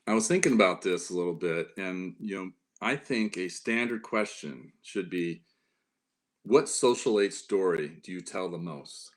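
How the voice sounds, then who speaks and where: A middle-aged man with a fairly low voice, from Upstate New York, recounts stories as an interview guest. He talks casually and rambles, looping back with "you know" and restarting sentences as he goes. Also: animated, unhurried. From Upstate New York, near Lake Ontario. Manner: rambling anecdotes with many fillers and restarts. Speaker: interview guest, former White House staffer.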